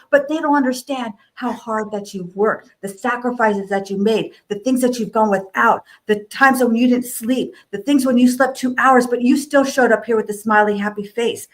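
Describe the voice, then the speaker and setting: Woman on a video call giving a pep talk, kinda high voice, says things over and over for punch. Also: normal speed, hardly any pauses. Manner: preachy, repeats lines for emphasis. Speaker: panel speaker.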